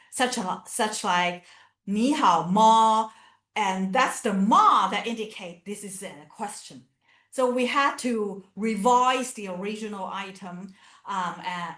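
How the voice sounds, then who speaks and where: Woman lecturer at a conference, higher register, hesitant explanatory delivery, roomy sound. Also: fairly bright tone. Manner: explanatory, with frequent fillers and restarts. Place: conference venue.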